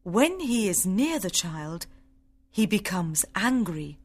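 Woman narrator, slow clear reading for English learners. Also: mid-range voice, big pitch swings. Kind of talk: graded-reader audiobook narration for English learners.

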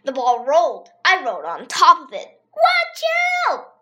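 A child reading a funny children's story aloud in a lively, expressive way. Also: high-pitched, moderate pace. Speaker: reader.

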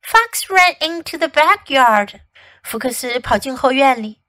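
A woman English teacher reading a children's storybook aloud in two languages, slow and expressive. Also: sits high.

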